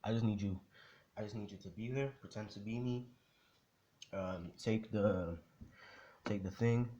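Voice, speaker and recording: Cocky boy genius read by a man in his own deep voice, easygoing and slangy, faint hiss. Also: a little slow, warm tone, highs cut off, lightly acted. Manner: casual, reassuring, slangy.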